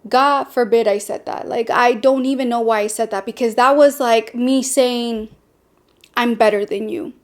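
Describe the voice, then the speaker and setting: A young woman with a high voice talks straight to her listeners as a podcast host. She is blunt and animated, with sarcastic, sassy asides, in a candid personal chat about dating. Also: normal speed.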